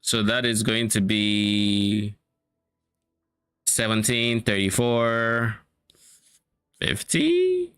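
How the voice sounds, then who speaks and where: A man's voice: on the low side, flat delivery, very slow, long pauses, fairly bright tone, clean tone, dry recording. Man, game streamer, thinking aloud, casual swearing, dry close sound. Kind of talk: casual gameplay commentary.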